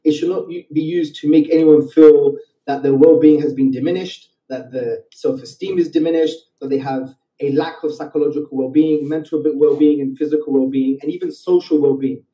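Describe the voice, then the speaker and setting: A man's voice: a little high, steady tone, fairly quick, hardly any pauses, warm tone. A man speaking as a guest in a played clip, explaining in a careful, qualifying way and checking in with "okay?". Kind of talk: measured explanatory talk. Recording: far-off roomy clip recording.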